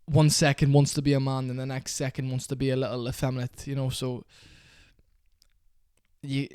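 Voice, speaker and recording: A man's voice: medium pitch, completely flat delivery, fast talker, darkish tone, smooth, dry recording, studio quality. A young man in an angry, profane rant to camera about a fighter. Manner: heated, profane, repetitive. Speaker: MMA commentator.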